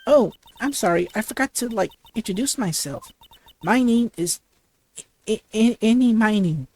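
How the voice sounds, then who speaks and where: A woman voicing a ditzy young valley-girl woman, halting and stuttering through her lines full of fillers. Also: on the high side, expressive, darkish tone. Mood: airheaded. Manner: halting reading with stutters and restarts.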